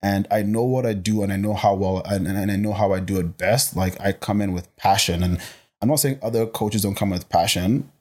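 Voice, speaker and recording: Raised in Botswana, a life coach with a fairly low voice talks briskly in a casual interview, full of fire and energy. He's passionate, restarts sentences often, and his pitch jumps when he gets excited.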